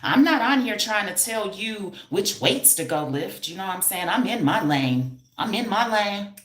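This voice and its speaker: Loud teasing woman live from home. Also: mid-range voice, animated, moderate pace, reverberant. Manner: loud, teasing, calls out to viewers. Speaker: hair stylist and educator. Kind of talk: casual live stream talk.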